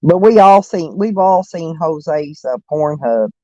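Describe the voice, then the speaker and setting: A man's voice: fairly high pitch, animated, takes it slowly, dark tone, no echo, dull audio. A middle-aged man, chatting casually and rambling on a livestream, laughing often. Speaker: live streamer. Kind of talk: casual livestream chat with viewers.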